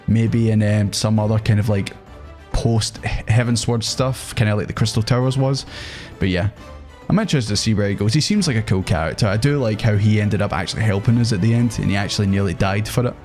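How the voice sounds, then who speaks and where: A man's voice: lowish voice, fairly quick, a little mellow, faint music behind. A young man chatting casually and animatedly as he ranks game characters, swearing now and then. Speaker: gaming video host. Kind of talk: casual tier-list commentary.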